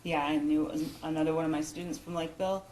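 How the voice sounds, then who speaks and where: A low-pitched woman gives witness testimony in a courtroom, her account halting and full of restarts. The room is echoey, with faint background hiss. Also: steady tone, a little mellow. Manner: halting, emotional, many restarts and fillers. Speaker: witness, school principal. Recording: roomy courtroom broadcast audio.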